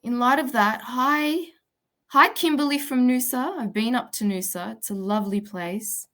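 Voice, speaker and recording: A woman's voice: fairly high pitch, moderate pace, bright, forceful tone. A woman from Sydney with an Australian accent, a provisional psychologist presenting a live webinar in a casual, chatty way and greeting viewers by name, with fillers like "sort of" and "um". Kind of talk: informal live webinar talk.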